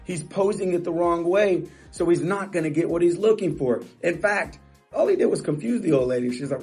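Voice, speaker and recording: A man's voice: high-pitched, brisk, darkish tone, slightly rough, soft background music. A middle-aged man coaching real estate agents in a motivational talk, emphatic and repetitive, often restarting phrases.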